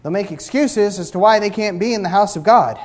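A male pastor preaching a sermon, emphatic, swinging between loud stresses and quiet asides, with a mocking edge. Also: high-pitched, a little fast. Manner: mocks complainers with blah-blah asides.

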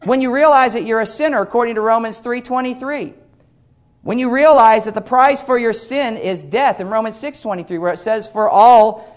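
A man's voice: extremely high pitch, fairly quick. A middle-aged man preaching a sermon, earnest and repeating phrases for emphasis while quoting scripture at length. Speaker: pastor.

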